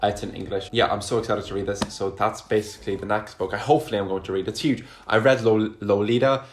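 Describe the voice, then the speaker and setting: Talking fast with fairly even intonation, this young man in his 20s, whose first language is Russian, answers questions casually to camera. He's an enthusiastic, chatty vlogger with a low voice who swears a lot, filmed on a camera he set up himself.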